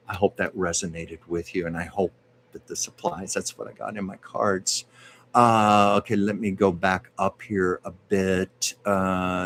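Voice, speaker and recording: A man with a fairly low voice hosts a relaxed live stream, laying out card readings for his viewers. He talks in a measured, reassuring way, pausing often and restarting his sentences. A faint hiss of noise sits under the voice. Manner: measured and reassuring, with frequent hesitations. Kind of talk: casual live stream chat.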